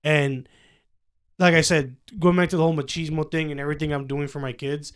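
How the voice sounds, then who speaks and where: A man's voice: fairly high pitch, flat delivery, brisk, clear, resonant tone. A young man co-hosting a casual podcast chat, rambling with lots of fillers and restarts. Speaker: podcast co-host.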